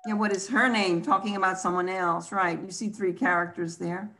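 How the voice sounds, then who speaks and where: A woman's voice: on the low side, fairly even intonation, normal speed, sharp tone. A woman teaching an online language class, patiently explaining step by step over a video call.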